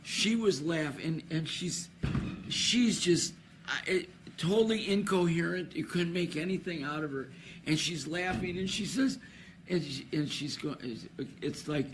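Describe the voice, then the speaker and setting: A man with a slightly high voice tells a loose, rambling story into a microphone at an awards ceremony for a trivia contest. He keeps laughing and restarting his sentences. A faint hum of the hall stays in the background. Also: measured pace, fairly bright tone.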